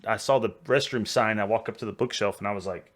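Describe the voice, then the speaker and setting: A man's voice: on the low side, fast. A Texan man hosting a reaction video, rambling and chatty, a little tipsy. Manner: rambling, chatty, laughs easily. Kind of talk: casual reaction commentary.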